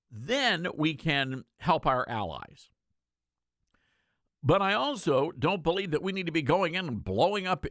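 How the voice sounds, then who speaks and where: A male host delivers an emphatic political commentary monologue in a conversational tone, leaning on repeated words for stress. His pitch moves freely and expressively. The sound is dry and close, with no room around it. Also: fairly bright tone, no room sound. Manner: conversational, addresses listeners directly. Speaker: talk show host.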